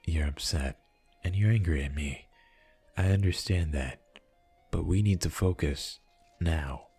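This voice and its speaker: A man reading a visual novel aloud, voicing an ancient spirit being who speaks in a measured, formal and detached way. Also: sits low, a little mellow, breathy edge, soft background music, exaggerated voice. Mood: placating.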